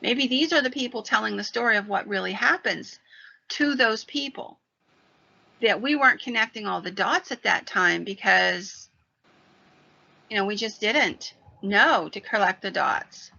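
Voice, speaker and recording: A woman hosting a paranormal podcast, retelling a frightening story in an animated way. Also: medium pitch, unhurried, creaky. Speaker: podcast host. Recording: dull lo-fi sound.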